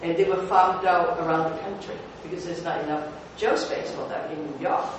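Man speaker, slightly high voice, animated halting anecdotes, distant in a very echoey hall. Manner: animated storytelling, halting with fillers and restarts. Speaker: former TV news producer giving a talk. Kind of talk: anecdotal talk to an audience. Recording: echoey hall, voice from far off with noise.

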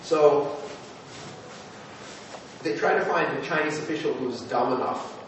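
Man speaker, slightly high voice, animated halting anecdotes, distant in a very echoey hall. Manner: animated storytelling, halting with fillers and restarts. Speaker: former TV news producer giving a talk. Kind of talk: anecdotal talk to an audience. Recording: echoey hall, voice from far off with noise.

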